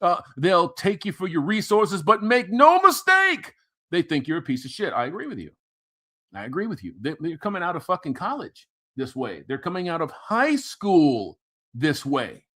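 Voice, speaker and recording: A man's voice: high voice, huge pitch swings, moderate pace, pushed and bright. A man ranting crudely with heavy profanity while commenting on videos he plays. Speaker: commentary streamer. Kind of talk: casual reaction commentary.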